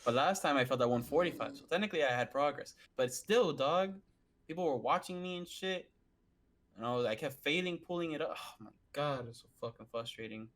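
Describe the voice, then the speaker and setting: A young man with a high-pitched voice chatting on a podcast. He tells stories in an animated way and swears constantly. It is loose, casual talk between friends. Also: brisk. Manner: heavy swearing, animated storytelling. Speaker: podcast co-host. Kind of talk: casual chat.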